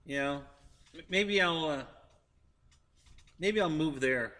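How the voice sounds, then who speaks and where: A man's voice: on the high side, slow pace, bright, forceful tone. A man hosting a casual live-stream chat from a heated tent, laughing often and chuckling between his remarks. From United States. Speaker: host.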